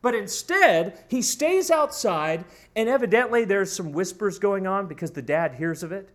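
A man's voice: high-pitched, lively intonation, moderate pace. A man preaching a sermon in an emphatic, storytelling way, addressing his congregation. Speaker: pastor.

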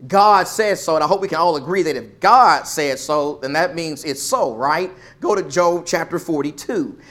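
A man's voice: a little high, normal speed, a bit bright. A man preaching a sermon as pastor, emphatic, repeating phrases for stress.

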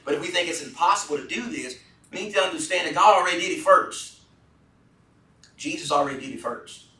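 A man leads a Bible study with a bright, forceful voice that sits a little high for a man. He earnestly puts questions to the group. The sound is roomy, caught from a distance. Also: quick pace. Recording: echoey room from far off.

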